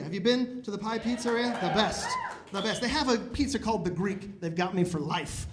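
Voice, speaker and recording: A man in his thirties doing a stand-up comedy set in a comedy club, with animated, exasperated ranting that climbs to loud outbursts. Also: sits high, brisk, slight background noise. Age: 30s.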